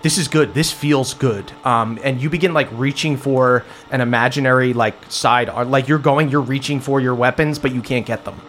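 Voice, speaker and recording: A man's voice: medium pitch, fairly even intonation, moderate pace, hardly any pauses, a bit bright, a little hiss or hum. A man narrating as game master in a tabletop game, describing scenes casually with lots of fillers.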